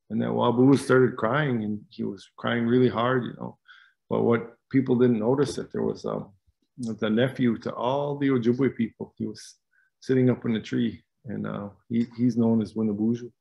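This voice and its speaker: A man from Wisconsin tells a traditional story over a video call. His voice is gravelly and sits at a middling pitch. He talks unhurriedly, with pauses, fillers and repeated words. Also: steady tone, darkish tone, dull audio. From Wisconsin, USA.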